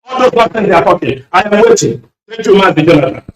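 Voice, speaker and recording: A man calling in to a radio show, speaking emotionally in rapid-fire accusations and shouting at times. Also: high voice, lively intonation. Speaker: caller. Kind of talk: impassioned radio call-in speech. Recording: echoey and distant line.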